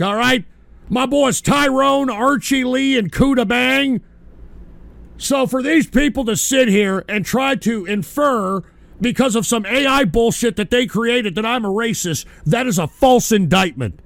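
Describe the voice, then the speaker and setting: A man hosting a radio show, shouting and cursing in a comedic, exasperated rant. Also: very high-pitched, gravelly, dry recording.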